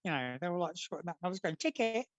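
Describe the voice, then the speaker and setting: A high-pitched man with lively intonation talks fairly quickly in a muffled, dry recording with no echo. He's a comic artist being interviewed, rambling through long anecdotes and acting out the quotes in other people's voices.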